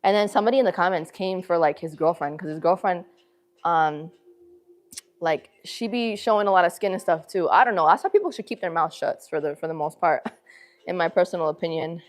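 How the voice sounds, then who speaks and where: Woman w a northern city accent streaming from the gym, slangy chatty talk, kinda low voice. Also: fairly quick. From northern United States. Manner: chatty, slangy, talks straight to viewers. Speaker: livestream host. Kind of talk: casual livestream chat. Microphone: phone camera.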